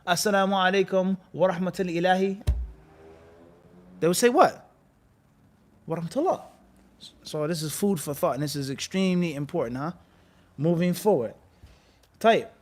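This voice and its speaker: A man giving an animated religious lecture and firing rhetorical questions at his listeners. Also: on the high side, moderate pace, pauses often. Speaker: Islamic teacher.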